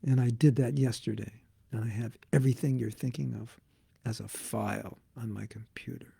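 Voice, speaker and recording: Gravelly, animated male spiritual teacher. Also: mid-range voice, moderate pace. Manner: animated, conversational, acts out voices. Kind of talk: devotional class lecture. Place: Alachua, Florida.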